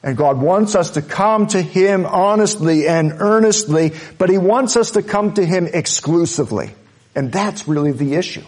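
A pastor preaching a sermon, earnest and emphatic, driving points home with repeated phrases. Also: male voice, high voice, animated, moderate pace, a little mellow.

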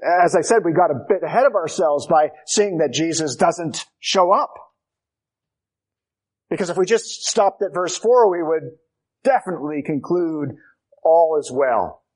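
A man's voice: on the high side, a little mellow. A man preaching an expository sermon, emphatic, building his points through repetition.

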